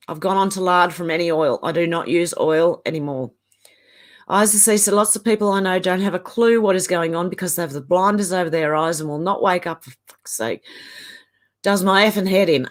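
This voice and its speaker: An Australian woman in her fifties, hosting a casual live stream and chatting as she reads viewer comments aloud. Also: lowish voice.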